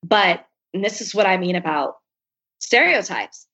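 A woman's voice: medium pitch, a little slow, husky. A woman guest on an interview podcast, telling a personal story candidly and animatedly, acting out the lines of other people. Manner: animated, acts out quoted speech. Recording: dull lo-fi recording.

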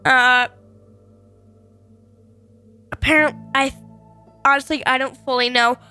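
A woman co-hosting a show, with a high, bright voice and an unhurried pace. She answers in short, dry remarks. Faint music sits behind her. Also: steady tone. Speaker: co-host. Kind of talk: casual chat.

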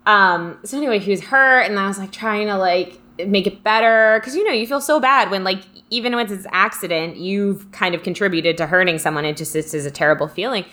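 A woman's voice: medium pitch, brisk, few pauses, sharp tone. A young adult woman co-hosting a casual live chat, rambling and reflective, with lots of fillers. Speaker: co-host reading live comments.

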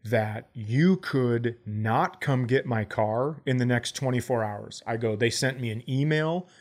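A man's voice: medium pitch, unhurried. A man in his forties telling a comic story on a podcast, acting out both sides of the conversations as he goes. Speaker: podcast co-host, comedian. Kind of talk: casual storytelling chat.

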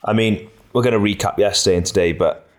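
A man with a very low voice chats loosely on a podcast. He rambles and restarts, filling gaps with ums. The tone stays easygoing and conversational. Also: fast talker. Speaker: podcast co-host, cycling pundit. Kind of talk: casual podcast chat.

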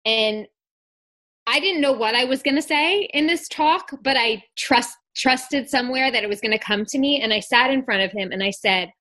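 Brief: bright, slightly high woman in her thirties, podcast co-host, candid rambling chat with swearing. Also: moderate pace. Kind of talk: casual chat.

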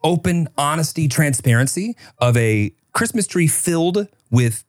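A man in his thirties co-hosting a podcast, chatting casually with wry, deadpan jokes. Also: on the high side, measured pace, no echo, clean studio sound. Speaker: podcast co-host. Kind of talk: casual chat.

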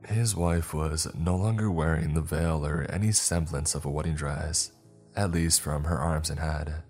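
A man with an extremely deep, low voice narrates a horror story. He tells it slowly and with measured care, and faint music plays softly underneath. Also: fairly even intonation.

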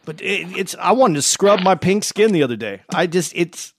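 A man co-hosting a podcast in casual chat, earnest and halting, often restarting his sentences. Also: high-pitched, expressive, slight background noise. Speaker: podcast co-host.

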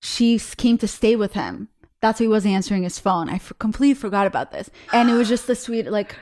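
A woman's voice: medium pitch, brisk, darkish tone. A woman in her thirties hosting a podcast, telling personal stories openly and emotionally in casual chat. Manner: emotional, open storytelling.

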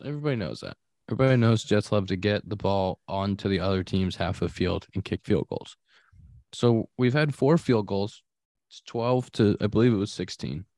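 A man's voice: fairly low pitch, a little mellow, no room sound, studio quality. A man co-hosting a podcast, telling a sports story in an easygoing way. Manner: easygoing storyteller, reads ads briskly. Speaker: podcast co-host. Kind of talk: casual chat and read ad spot.

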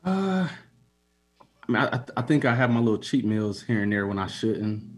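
Husky man, hesitant and evasive. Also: on the low side, very animated, moderate pace, soft background music. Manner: hesitant, brushing off concern. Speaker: guest. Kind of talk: role-play on a video call. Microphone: video call.

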